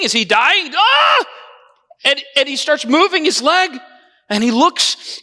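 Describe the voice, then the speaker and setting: Speaking as a character from the story, a male pastor acts out his sermon with dramatic flair, alternating energetic bursts with quiet stretches. The echoey church hall surrounds his very high-pitched voice.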